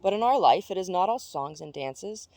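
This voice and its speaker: A woman's voice: lowish voice, lively intonation, moderate pace, warm tone, dry recording. A woman voicing a serious, glum boy who speaks earnestly.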